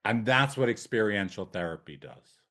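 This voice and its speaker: A man's voice: fairly low pitch, animated, normal speed, a bit bright. A male couples therapist talks trainees through his approach in a loose, casual way. He jokes, swears and drifts into tangents. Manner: loose, jokey, profane, tangents.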